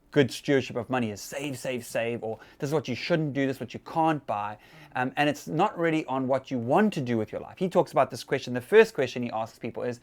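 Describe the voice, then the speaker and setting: A man hosting a casual church talk, chatty and conversational with fillers and laughs. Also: mid-range voice.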